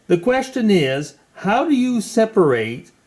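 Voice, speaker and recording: A man's voice: high voice, sing-song, a little slow, a little mellow. A man hosting a casual video chat, talking hesitantly with many fillers. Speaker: host.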